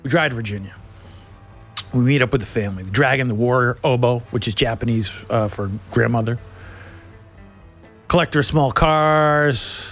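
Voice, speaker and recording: A middle-aged man hosting a show, telling a comic story in an animated way and laughing through it. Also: mid-range voice, normal speed, pauses often, soft background music.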